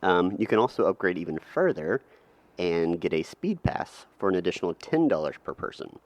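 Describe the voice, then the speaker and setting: A man co-hosting a podcast, laying out topics in a relaxed, methodical way. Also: low voice, moderate pace. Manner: relaxed, methodical, lays out segments. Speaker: podcast co-host. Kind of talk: casual chat.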